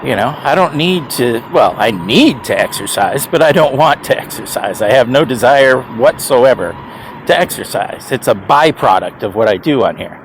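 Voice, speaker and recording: A man's voice: mid-range voice, animated, normal speed, slight background noise. A man over fifty rambling casually to camera, chuckling often and restarting his sentences with emphatic repeats. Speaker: e-bike rider vlogger.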